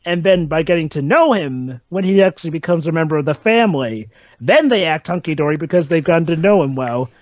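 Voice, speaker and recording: Rambling high-voiced young man. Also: expressive, fairly quick, darkish tone, no room sound. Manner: rambling, repeats filler words. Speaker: commentary co-host. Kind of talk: casual movie commentary chat.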